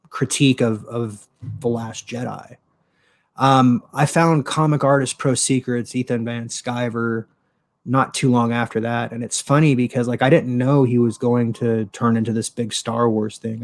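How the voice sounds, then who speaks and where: A man hosting his own show on a livestream, talking casually in a rambling, profane way with lots of fillers, into a desktop microphone with a pop filter. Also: mid-range voice. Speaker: show host. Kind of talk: casual solo commentary.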